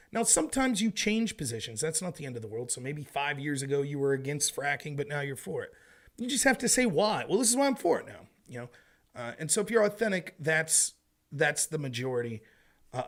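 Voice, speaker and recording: A man's voice: fairly high pitch, a bit bright. A man hosting a casual livestream of political commentary from home, talking in an emphatic, conversational way.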